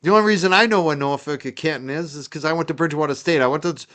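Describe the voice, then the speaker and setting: Chatty North Shore Massachusetts host. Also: male voice, fairly high pitch, racing, a bit bright. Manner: chatty and rambling, with frequent "uh" fillers. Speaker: livestream host. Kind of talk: casual livestream chat.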